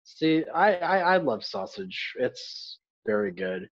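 A man's voice: mid-range voice, big pitch swings, slow pace, no echo, dull audio. A young man from the American South co-hosting a podcast in casual chat, joking and irreverent, swearing freely. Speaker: podcast co-host.

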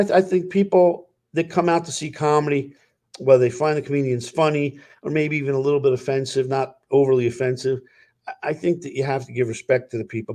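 A man with a South Jersey accent speaks as a comedian guest in a casual interview. He talks in an earnest, halting way, full of fillers and restarts. His voice sits in an ordinary middle range. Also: medium pitch, mellow.

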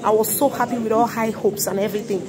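A young Nigerian woman with a Nigerian accent rants angrily into her phone for a vlog outside a busy government office, indignant, exasperated and repeating herself. Her voice is a little high and steady in tone, and she talks fast. Crowd and traffic noise can be heard behind her.

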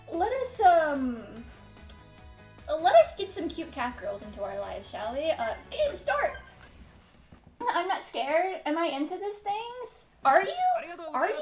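A high-voiced woman streams from her room, swearing freely and playing up her suffering for laughs as she reads chat and answers viewers. Her voice rings in a roomy, echoey space, with faint music under it. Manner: profane, melodramatic comic complaining. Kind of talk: casual live-stream chat with chat readouts. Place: her upstairs room at home.

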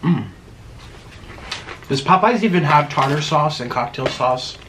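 A man's voice: a little high, animated, a little slow, background noise. A young man hosting an eating video, chatting and rambling casually with his mouth full. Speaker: mukbang host. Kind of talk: casual chat while eating.

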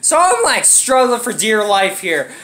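High, animated young man telling a story. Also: a little slow. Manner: animated, profane, dramatic with acted-out grunts. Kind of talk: casual storytelling.

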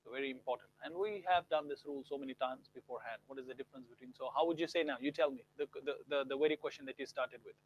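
A man's voice: mid-range voice, rapid-fire, hardly any pauses, no room sound, highs cut off. A young man teaching a live grammar lesson, acting out example sentences with exaggerated rising tones. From India.

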